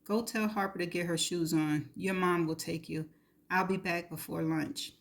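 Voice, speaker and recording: A woman reading as a gentle worried husband. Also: fairly low pitch, fairly even intonation, normal speed, creaky. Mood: caring.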